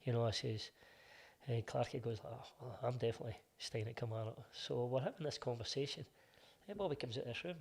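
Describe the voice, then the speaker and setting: A man's voice: medium pitch, brisk, vocal fry, husky. A middle-aged Scottish man, a football coach, casually telling stories as an interview guest and acting out old conversations. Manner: animated anecdotes, acting out past conversations in reported speech. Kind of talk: casual storytelling.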